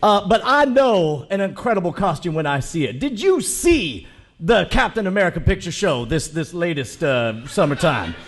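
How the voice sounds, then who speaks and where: A man's voice: sits high, sing-song, normal speed, heavily acted. A man from Texas putting on a grandiose Southern lawyer, addressing the room like a courtroom jury. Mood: grandstanding. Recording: live crowd around.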